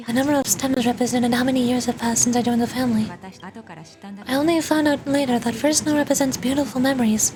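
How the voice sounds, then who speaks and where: Over background game music, a young female vtuber streamer voices all the characters' lines as she plays, tossing in offhand comments along the way. She speaks quickly in a high voice with a steady tone.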